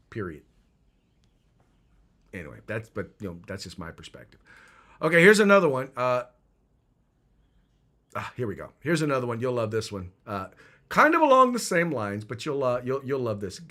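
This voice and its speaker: A man's voice: medium pitch, sing-song, a little fast, pauses often, bright, forceful tone. A man hosting a political commentary podcast, talking emphatically and often restarting his sentences. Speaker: podcast host.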